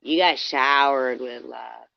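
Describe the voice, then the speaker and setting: A woman's voice: rumbling low, slow pace, vocal fry, no echo. A woman live-streaming, chatting casually with her viewers, rambling and swearing as she tells a story and greets people in the chat by name. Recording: dry, dull lo-fi stream audio.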